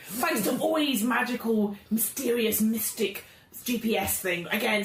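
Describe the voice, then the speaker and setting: Giggly, animated woman narrating play. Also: a little high, roomy sound, a little hiss or hum. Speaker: podcast host and player. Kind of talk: tabletop role-play narration.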